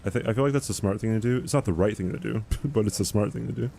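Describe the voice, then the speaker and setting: A man's voice: on the low side, racing, gravelly, warm tone, slight background noise. A man streaming a game live, chatting casually and answering chat questions in a rambling, easygoing way.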